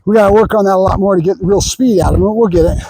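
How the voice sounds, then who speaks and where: A middle-aged man training a dog outdoors, explaining plainly between high sing-song bursts of praise. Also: fast talker, warm tone, slightly rough, no echo, rough recording. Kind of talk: casual training demonstration.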